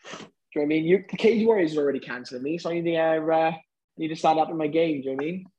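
A man's voice: fairly high pitch, rapid-fire, warm tone, highs cut off. A Welsh man chatting casually as a guest, rambling with many hesitations. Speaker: guest, UFC fighter. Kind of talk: casual chat.

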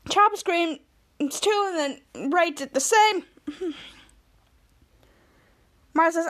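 A woman hosting a podcast, retelling a TV episode in a rambling, excited way and acting out the characters' lines. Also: high-pitched, measured pace, pauses often. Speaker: podcast host. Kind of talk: casual episode recap.

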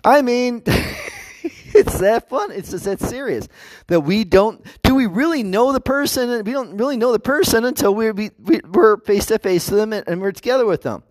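A man's voice: sits high, lively intonation, a little fast, dry recording. A man vlogging in a casual monologue. He rambles, restarts often and acts out quotes.

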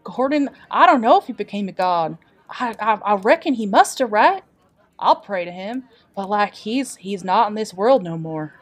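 A woman's voice: medium pitch, lively intonation, normal speed, close to an everyday voice. A woman playing a folksy traveling adventurer who tells a dramatic tale with a homespun drawl in an improvised tabletop role-play. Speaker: player character storyteller.

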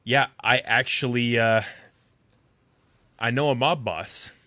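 A man co-hosting a podcast in relaxed, rambling chat, laughing often. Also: mid-range voice, slow pace, dry recording. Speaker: podcast co-host and voice actor.

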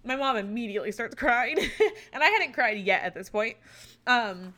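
Bright, forceful-sounding woman telling her own story, swears a lot, laughs a lot, super candid. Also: fairly high pitch, lively intonation, normal speed. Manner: chatty and candid, swears freely, laughs often. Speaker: vlogger recounting a personal experience. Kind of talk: casual storytelling.

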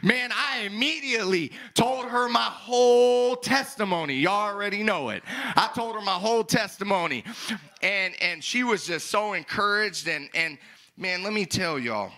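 A young male pastor telling a story in a sermon, acting out dialogue with loud, animated outbursts. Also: high voice, moderate pace.

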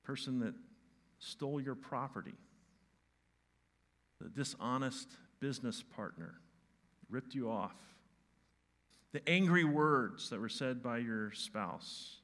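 A male pastor giving a sermon, moving from hushed, soft lines to loud, emphatic ones. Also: medium pitch, takes it slowly, long pauses.

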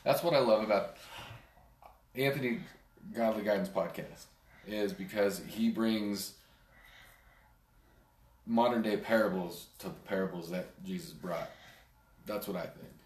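A man appearing as a podcast guest in casual chat, effusive with praise and quick to joke around. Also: lowish voice, reverberant. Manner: effusive, joking and playful.

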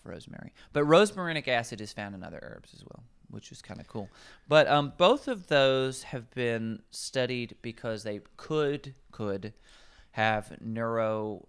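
A man's voice: mid-range voice, expressive, measured pace, few pauses, a bit bright, clean tone. A man, a nutrition coach, explaining herbs in casual podcast conversation, rambling and correcting himself as he goes.

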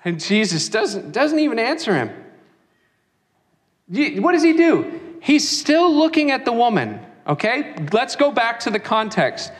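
A man preaching a sermon as a pastor, animated and acting out the voices of people he quotes. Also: very high-pitched, a little slow, in a large hall.

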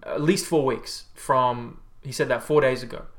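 A man's voice: mid-range voice, fairly even intonation, normal speed. Laid-back Australian man livestreaming. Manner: rambling, laid-back, swears freely. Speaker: livestreamer and health coach. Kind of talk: casual livestream chat answering viewer comments.

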